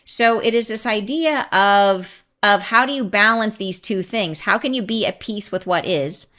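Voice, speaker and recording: A woman hosting a spiritual podcast, chatty and excitable, who laughs often and drifts into tangents. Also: medium pitch, measured pace. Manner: chatty, rambling, goes off on tangents. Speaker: podcast host and channeler. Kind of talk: casual spiritual talk to listeners.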